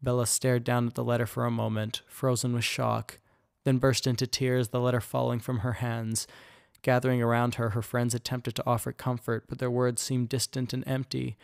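A man reading an audiobook chapter in steady, even scripted narration. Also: medium pitch, normal speed, creaky, smooth, no room sound, studio quality.

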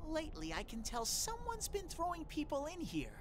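A woman's voice: sits high, wildly swooping pitch, normal speed, noisy background. A woman voicing a suspicious little bear creature that accuses others in a video game. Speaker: game character.

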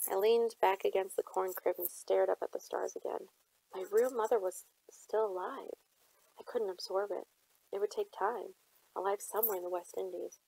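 A woman reads a novel aloud in measured first-person storytelling. Her voice is husky and dark, with a touch of vocal fry. The recording is dry and close. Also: mid-range voice, fairly even intonation, no room sound, poor audio. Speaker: audiobook reader.

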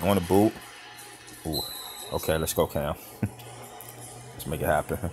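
A man hosting a reaction video, talking along to football highlights with slangy, excited exclamations and frequent laughter. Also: unhurried, faint music behind. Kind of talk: excited sports reaction commentary.

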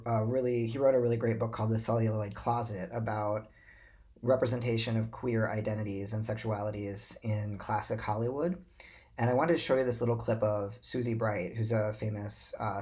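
A man's voice: lowish voice, a little mellow. A man giving a recorded video lecture in a casual way, with many fillers and stammered restarts.

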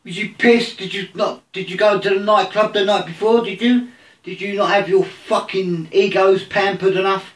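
A man's voice: high-pitched, steady tone, normal speed, roomy sound, far from the mic. A man ranting angrily about his football team, swearing constantly. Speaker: football fan. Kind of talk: angry rant to camera.

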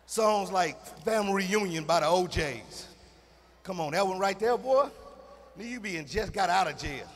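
A middle-aged man performing live stand-up on an arena stage, animated, breaking into singer impressions. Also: moderate pace, a little hiss or hum. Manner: animated, mimics singers with falsetto and crooning. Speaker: stand-up comedian. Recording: live arena recording with long reverb.

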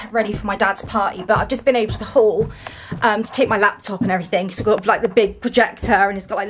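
A British woman with a fairly high voice vlogs casually to camera, blunt and self-mocking, swearing constantly. She has a British English accent, and there's slight background noise.

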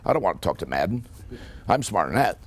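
Lively older man telling a funny story. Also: sits low, fast talker. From United States. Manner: folksy, punchy delivery with acted-out dialogue. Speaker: after-dinner speaker. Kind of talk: humorous storytelling speech. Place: club meeting hall.

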